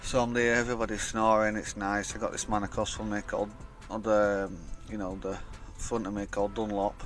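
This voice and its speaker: Young lad rambling a sweary story, low flat voice, bit of music under it. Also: male voice, fairly quick. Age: young adult. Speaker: vlogger. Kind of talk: casual storytelling.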